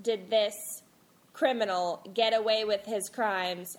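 A woman's voice: medium pitch, fairly even intonation, slow pace. A woman co-hosting a true crime podcast, chatting casually and laughing often. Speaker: podcast co-host. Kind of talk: casual chat.

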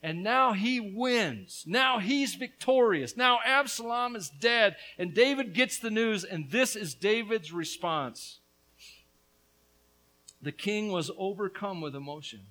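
Man, pastor, sermon, high voice, earnest, casual asides, hushed to loud. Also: lively intonation, slow pace, low-quality recording. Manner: swings between hushed and loud.

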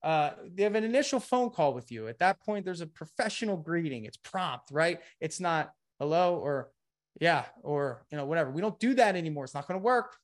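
A man's voice: fairly high pitch, very animated, fairly quick, few pauses. A man giving a live webinar sales presentation, talking energetically and a bit winded, often saying "okay" and "guys".

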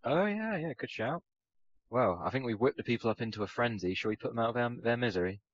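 A man's voice: mid-range voice, expressive, fast, slight background noise. A man co-hosting a podcast in casual chat, teasing and jokey. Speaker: podcast co-host. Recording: dull lo-fi sound with music behind.

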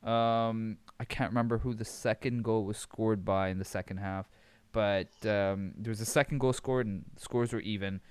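Young guy from abu dhabi ranting about football, smooth resonant voice, dry close sound, swears a lot. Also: fairly low pitch, normal speed, no echo. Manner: animated, swearing, laughs while telling stories. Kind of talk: casual storytelling chat.

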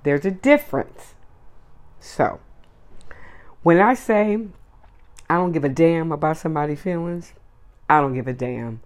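A woman's voice: deep voice, animated, measured pace, pauses often. A woman hosts her own solo podcast and speaks her mind in a blunt, emphatic way. She hammers home her points by stringing repeated words one after another. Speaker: podcast host. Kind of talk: solo opinion podcast monologue.

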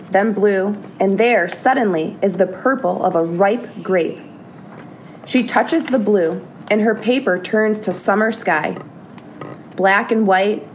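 Casting: a teacher reading a storybook to kids, mid-pitched, calm and steady. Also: female voice, a little hiss or hum. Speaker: third-grade teacher. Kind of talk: reading a children's book aloud.

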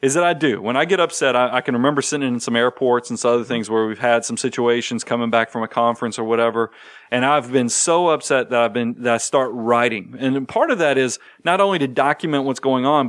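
A man's voice: medium pitch, no room sound, clean studio sound. A man, co-hosting a casual money talk show and animatedly acting out quotes as he tells stories. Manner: animated, storytelling with acted-out quotes. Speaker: podcast co-host.

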